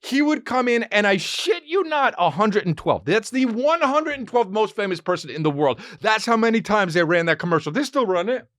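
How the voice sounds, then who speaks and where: A man's voice: high-pitched, moderate pace, hardly any pauses, no echo, clean studio sound. A man hosting a podcast, talking in a rambling, profane, comedic monologue. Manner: animated, rambling, heavy swearing. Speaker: podcast host.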